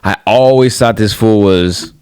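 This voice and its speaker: A man's voice: lowish voice, a little slow, darkish tone, smooth, no echo. A man co-hosting a podcast in casual chat, rambling and swearing freely. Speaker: podcast co-host.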